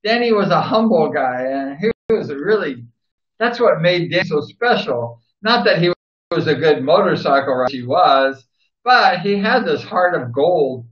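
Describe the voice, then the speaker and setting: A man's voice: fairly high pitch, animated, moderate pace. A man reminiscing about a speedway rider, rambling and repeating himself with enthusiasm. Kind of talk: casual spoken tribute. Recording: roomy, dull lo-fi recording.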